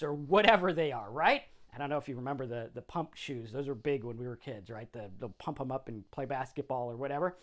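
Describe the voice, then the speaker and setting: A middle-aged man gives an informal motivational talk about recovery from drinking. He speaks conversationally and often ends a point with a quick "right?" to check in with the listener. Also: fairly high pitch, big pitch swings, fairly bright tone. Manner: conversational, tags lines with "right?". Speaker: sobriety talk host.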